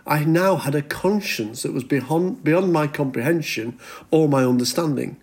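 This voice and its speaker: A middle-aged male pastor preaching a sermon in an earnest manner, slowing down to stress scripture. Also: fairly high pitch, darkish tone. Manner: earnest, slows down for emphasis when reading scripture.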